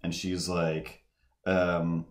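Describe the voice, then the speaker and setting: A man livestreaming while he draws, telling a rambling story in a casual, animated way. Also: deep voice, drawn-out words, roomy sound. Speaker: streamer drawing live.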